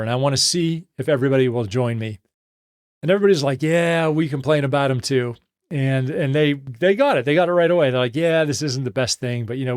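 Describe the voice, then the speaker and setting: A man's voice: mid-range voice, no room sound, studio quality. A middle-aged man hosting a live Q&A, telling a workplace story and acting out the dialogue in it before giving advice. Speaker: host answering listener questions.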